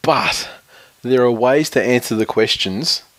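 A man's voice: medium pitch, unhurried, fairly bright tone, no room sound. A man with an Australian accent chatting casually about sports, rambling and opinionated, swearing freely.

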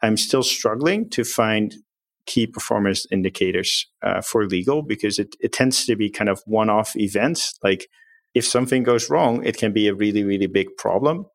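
Low gravelly-voiced executive explaining. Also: male voice, moderate pace, no echo. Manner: upbeat, plain-spoken explainer. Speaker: company executive, interview guest. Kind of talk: explaining in a remote interview.

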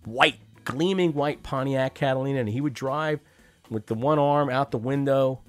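A man's voice: mid-range voice, normal speed, faint music behind. Wry New man telling stories. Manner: wry, profane, acts out quoted voices. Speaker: storyteller. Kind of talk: personal storytelling monologue.

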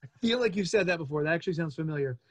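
A man in his forties hosting a casual interview, playful and chatty, with quick asides. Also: on the high side, lively intonation, highs cut off. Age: 40s. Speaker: podcast host.

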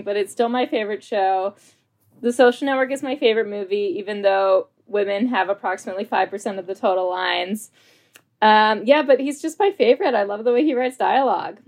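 A woman's voice: medium pitch, a little fast, a little mellow. A woman co-hosting a comedy podcast over a video call, frank and confessional with dry humor. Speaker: podcast co-host. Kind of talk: comic conversational chat.

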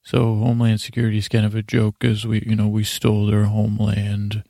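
A man hosting a sleep podcast, recapping a show in a meandering, halting way with deadpan asides. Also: fairly low pitch, vocal fry, dry recording, clean studio sound. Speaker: podcast host.

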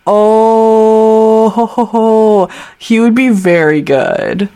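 A woman's voice: fairly high pitch, steady tone, warm tone, smooth. A woman co-hosting a podcast, chatting casually about a book, laughing and reading passages aloud. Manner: chatty, giggly, quick asides. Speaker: podcast co-host.

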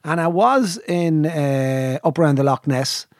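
A man's voice: fairly high pitch, measured pace, dry recording, clean studio sound. An Irish man co-hosting a podcast, telling rambling, jokey stories in a casual chat.

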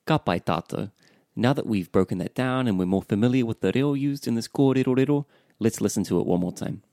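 A man's voice: mid-range voice, a little fast, warm tone, no echo, clean studio sound. New man asking lesson questions. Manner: attentive, repeats words and asks questions. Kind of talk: language lesson conversation.

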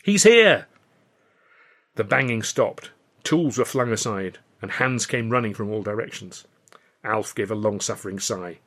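A man narrating his own serialized novel in the first person, wry and measured. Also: on the low side, fairly even intonation, fairly bright tone. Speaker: author and reader of a serialized novel.

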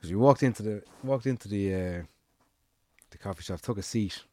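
A man's voice: fairly low pitch, moderate pace, darkish tone, dry recording. A man with an Irish accent telling a long, rambling anecdote in casual chat, acting out the quoted lines and swearing freely.

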